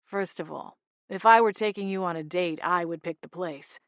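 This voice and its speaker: A woman voicing a smooth, teasing adult man in an audiobook, with a calm, dry, low-key delivery. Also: normal speed, no room sound, natural voice. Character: smooth, teasing adult male monster hunter. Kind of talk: audiobook character voice.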